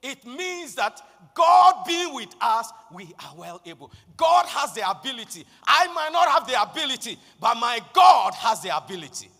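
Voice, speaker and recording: A male preacher with a very high, piercing, brilliant voice delivers an impassioned sermon. His words ring out with a long reverb, as in a large hall. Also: very animated, normal speed, vocal fry, few pauses. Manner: impassioned, building to shouted declarations.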